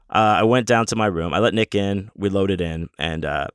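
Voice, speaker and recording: A man's voice: on the low side, expressive, a little fast, hardly any pauses, fairly bright tone, no room sound, studio quality. A man telling a rambling, profane story in a casual way, with many restarts. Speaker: convention guest.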